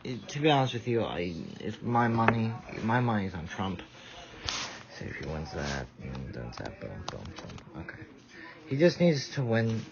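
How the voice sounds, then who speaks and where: A man's voice: lowish voice, sing-song, normal speed, gravelly, crowd noise. A tired man giving rambling casual live commentary, stumbling over his words. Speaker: vlogger. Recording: dull lo-fi audio.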